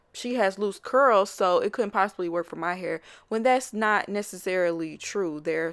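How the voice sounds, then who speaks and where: A woman's voice: fairly low pitch, fairly bright tone. A woman vlogger talking through her casual commentary in a chatty, opinionated way, often breaking into laughs.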